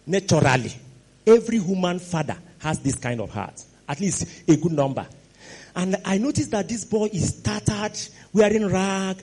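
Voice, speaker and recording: High, lively preacher. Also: male voice, husky. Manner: animated, exclamatory, rising to shouts. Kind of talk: sermon.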